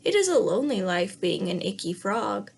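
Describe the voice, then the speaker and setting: A woman's voice: medium pitch, big pitch swings, normal speed, vocal fry, breathy edge, full character voice. A woman voicing a lonely male frog in a storybook read-aloud, speaking in a timid, scratchy voice and pleading for a friend.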